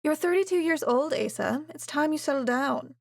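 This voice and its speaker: A woman's voice: high-pitched, animated, normal speed, gravelly, no echo, studio quality, voice pushed up. A woman voicing a fussy, meddling older mother who nags and frets about her son marrying. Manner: flustered, nagging.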